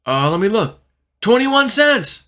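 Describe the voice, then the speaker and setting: A man acting out a panicked adult male friend who yells frantically in a retold story. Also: on the high side, fairly quick, voice pushed up. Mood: flustered. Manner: frantic, yelling.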